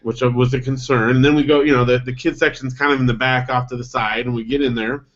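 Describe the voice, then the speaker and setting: A man's voice: mid-range voice, fast talker. A man in his thirties, a dad, casually telling a story on a podcast, rambling and acting out the voices of people in it. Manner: rambling, acts out dialogue with animated voices. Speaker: podcast co-host. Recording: dull lo-fi podcast audio.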